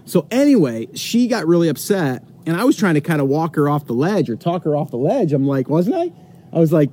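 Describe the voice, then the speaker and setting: A man's voice: on the high side, sing-song, fairly quick, dark tone, a little hiss or hum. A man telling a long story to the camera, rambling with many fillers and restarts. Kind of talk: casual storytelling.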